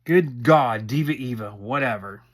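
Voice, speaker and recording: A man's voice: mid-range voice, measured pace. A middle-aged man giving a rambling, opinionated recap of a reality show, often acting out what the people said. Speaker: recap commentator. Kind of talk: casual show recap commentary.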